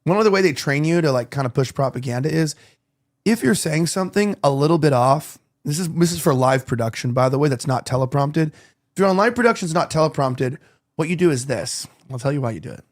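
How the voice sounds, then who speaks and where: A man hosting a loose talk show, rambling through his points with plenty of restarts and casual swearing. His voice sits a little high for a man. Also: expressive, brisk. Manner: rambling, heavy on "like" and restarts, profane. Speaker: podcast host.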